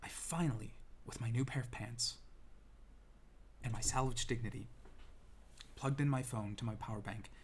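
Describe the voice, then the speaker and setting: A man's voice: medium pitch, moderate pace, pauses often, slightly rough. A young man telling a personal story to camera in a rambling, self-deprecating way, full of restarts and ums, seated indoors. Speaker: vlogger. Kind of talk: casual storytelling monologue.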